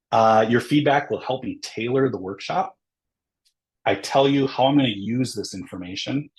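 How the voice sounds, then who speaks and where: A man's voice: lowish voice, rough recording. A man presenting a webinar lesson, explaining step by step in a conversational way and often checking in with "right?" between points. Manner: conversational, frequent "right?" tag questions; explains step by step with ums and uhs. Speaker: workshop presenter. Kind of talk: webinar lecture.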